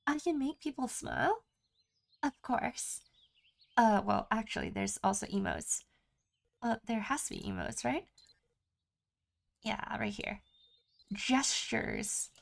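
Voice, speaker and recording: A woman's voice: fairly high pitch, huge pitch swings, slow pace, gravelly, pauses often. A woman streaming a game, chatting casually with her chat and listing what she can do. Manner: chatty, reads chat aloud, lists options. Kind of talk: casual chat while gaming.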